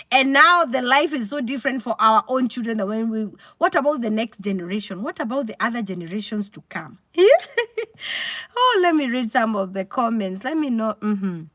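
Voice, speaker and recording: Kenyan-accented woman, high voice, dry close sound, animated livestream chat. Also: moderate pace, no room sound. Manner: animated, chatty, mixes in Swahili. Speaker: livestream host. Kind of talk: casual livestream chat reading comments.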